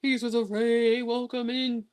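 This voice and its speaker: A young woman live-streaming a video game, teasing her chat with a playful, sarcastic edge and dropping swears without a second thought. Her voice sits a little high, and she sounds a bit sleepy. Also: flat delivery, unhurried, darkish tone.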